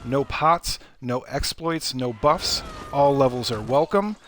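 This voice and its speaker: A man's voice: mid-range voice, slow, a bit bright, slight background noise. A man with a Midwestern accent voicing a defiant, bossy warrior daughter who makes pompous proclamations. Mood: grandiose. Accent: Midwestern American.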